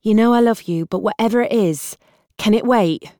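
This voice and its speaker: A woman reading an audiobook, voicing a harried young woman with a British accent who juggles phone calls while driving and talks in a brisk, exasperated way. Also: mid-range voice, dark tone, dry recording, clean studio sound, pitched above the performer's own voice, natural voice. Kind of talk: audiobook character voice.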